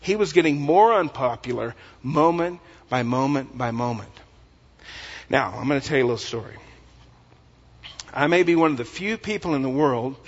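A pastor from West Texas, preaching an animated, folksy sermon full of humor. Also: male voice, on the high side. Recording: echoey hall, dull lo-fi sound.

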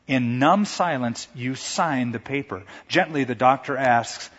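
A man's voice: mid-range voice, normal speed, few pauses, a bit bright. A male pastor preaching a sermon, telling a story in a vivid, dramatic way. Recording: echoey hall, dull lo-fi sound.

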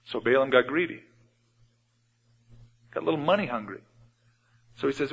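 A man preaching a sermon in a church, retelling Bible stories and often changing his loudness. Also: a little high, a little fast, pauses often, breathy edge. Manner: storytelling, acts out Bible scenes with shifts in loudness. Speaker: pastor. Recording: dull radio broadcast with long hall reverb.

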